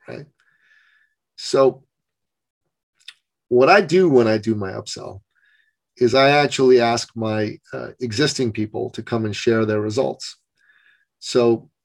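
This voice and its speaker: In a low-quality recording, a man with a mid-range, gravelly voice tells a personal story as a podcast guest. He's a business coach and an animated storyteller in this interview.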